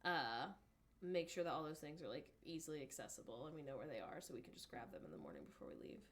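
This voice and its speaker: A woman's voice: low voice, expressive, fast talker. A woman co-hosting a casual livestream, rambling along with lots of "um" and "like". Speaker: livestream co-host.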